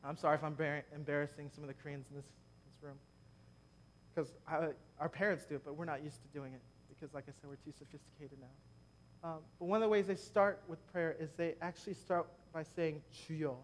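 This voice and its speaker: A man's voice: a little high, steady tone, fairly quick, slight background noise. A man preaching a sermon in a conversational way, making joking asides to the congregation at a church gathering. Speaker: preacher leading prayer.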